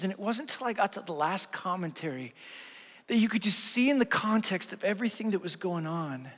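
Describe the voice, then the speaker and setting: A middle-aged man preaching a sermon as pastor, telling a personal story with earnest feeling, going from loud and bright to hushed and quiet. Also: high-pitched, expressive, a little fast, in a large hall.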